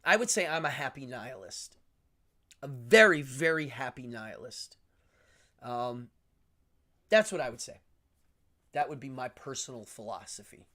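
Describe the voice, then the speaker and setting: A man's voice: medium pitch, animated, moderate pace, pauses often, pushed and bright. A man with an English accent hosting a livestream, rambling enthusiastically about philosophy with many ums. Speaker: livestream host. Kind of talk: casual philosophical monologue.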